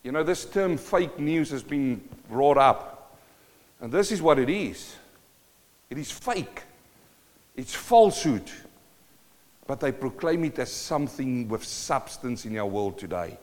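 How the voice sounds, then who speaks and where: A man preaching a sermon, emphatic, swinging between loud and quiet, reading scripture slowly and deliberately. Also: mid-range voice, very animated. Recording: long hall reverb.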